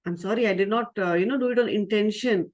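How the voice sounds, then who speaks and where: A woman's voice: medium pitch, quick pace, lightly acted. A woman storyteller voicing a small, timid male mouse who sounds strained and apologetic.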